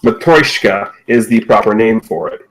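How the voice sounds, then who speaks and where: A man narrating as game master of a tabletop game, relaxed and with many fillers. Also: lowish voice, moderate pace, poor audio.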